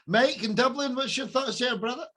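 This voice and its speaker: A man's voice: very high-pitched, moderate pace, sharp tone, slightly rough. A man hosting a music podcast, chatty and effusive as he introduces guests. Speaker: podcast host. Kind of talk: casual podcast chat.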